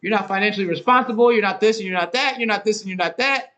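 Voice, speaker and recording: A man putting on the voice of his defensive, accusing female partner, raising his pitch to mock her. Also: quick pace, fairly bright tone, dull audio.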